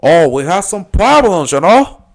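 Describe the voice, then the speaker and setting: A man doing an impression of a brash, excitable male drug lord from a film, shrill and exaggerated. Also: measured pace, full character voice.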